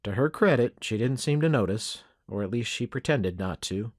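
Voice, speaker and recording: A man narrating a first-person western audiobook in a steady, measured way. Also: medium pitch, dry recording, studio quality.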